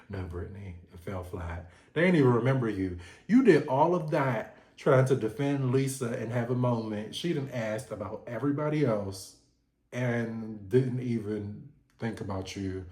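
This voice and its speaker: A man hosting a casual reality TV recap, talking in animated, slangy, gossipy bursts and laughing often. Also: fairly low pitch. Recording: roomy echo.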